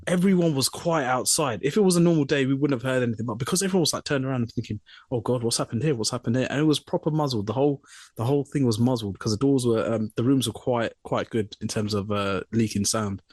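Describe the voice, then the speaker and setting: A man's voice: mid-range voice, fast talker, no room sound, studio quality. A young man co-hosting a podcast, casually telling a funny work story and acting out the people in it. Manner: animated storyteller, mimics voices in quotes. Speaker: podcast co-host.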